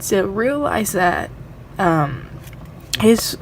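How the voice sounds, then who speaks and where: Earnest low-voiced young woman medium. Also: fairly even intonation, unhurried, a little hiss or hum. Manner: earnest, rambling, repeats phrases. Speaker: psychic medium. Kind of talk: spiritual reading vlog.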